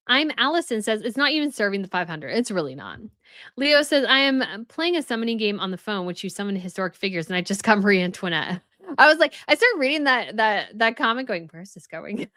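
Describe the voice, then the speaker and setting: A woman's voice: medium pitch, fairly bright tone, no room sound, studio quality. Chatty woman hosting a live stream. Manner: chatty, thinks aloud with many "like" fillers. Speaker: host reading live chat. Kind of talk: casual live-stream chat.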